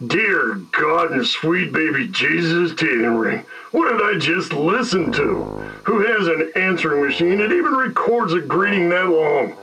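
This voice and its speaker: A man's voice: a little high, animated, a little slow, bright, forceful tone, far from the mic, slight background noise, low-quality recording. A man playing an exasperated police chief who rants into a phone in an audio drama. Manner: blustering, fed-up ranting.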